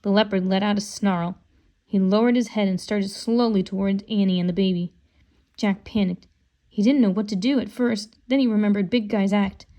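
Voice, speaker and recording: A woman reads a children's story aloud in a calm, unhurried way. Her narration is steady and clear, at an everyday middle pitch. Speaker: storybook reader. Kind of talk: reading a children's book aloud.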